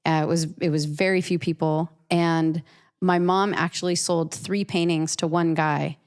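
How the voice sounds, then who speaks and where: Smooth-voiced woman telling a story. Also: lowish voice, fairly even intonation, a little slow. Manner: earnest, emotional, with frequent restarts and repeated words. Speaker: professional artist, interview guest. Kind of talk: personal storytelling in an interview.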